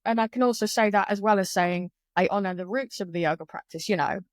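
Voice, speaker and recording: A woman talking as a guest on a podcast. She explains things in an animated, candid way and swears casually. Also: medium pitch, fast talker, no room sound, clean studio sound. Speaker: guest, yoga teacher. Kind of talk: conversational podcast interview.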